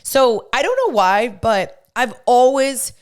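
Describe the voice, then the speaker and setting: A woman's voice: fairly high pitch, slow pace. Gushing, chatty young woman podcaster. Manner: gushing, chatty, says "like" constantly. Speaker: podcast host. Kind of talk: casual storytelling monologue.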